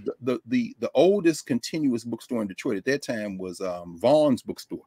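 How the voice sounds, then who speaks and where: A man guest on a live video call, telling stories in a casual, animated way, laughing often. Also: medium pitch, moderate pace, no room sound, studio quality. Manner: animated, loose, laughs often, drops into quoted voices. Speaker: guest scholar. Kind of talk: casual conversational storytelling. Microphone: desk microphone on a video call.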